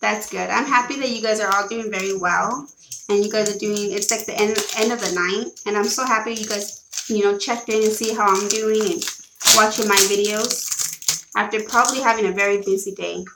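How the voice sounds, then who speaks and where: A woman's voice: mid-range voice, fairly even intonation, fairly quick, reverberant, very noisy. A woman with children chatting casually to live viewers as she shows off a shopping haul, rambling and correcting herself as she goes. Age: adult with children. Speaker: vlogger showing a shopping haul.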